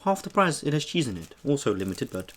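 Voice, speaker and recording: A young man eating on camera and telling a story in a casual, animated way, swearing freely as he acts out an argument at a shop. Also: mid-range voice, brisk. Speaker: mukbang host.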